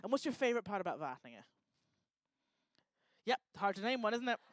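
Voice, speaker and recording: Very animated and quick, a woman's medium-pitched voice carries her teasing banter as she hosts a live event from a lecture hall stage. It's stand-up style crowd work, and the recording is dry.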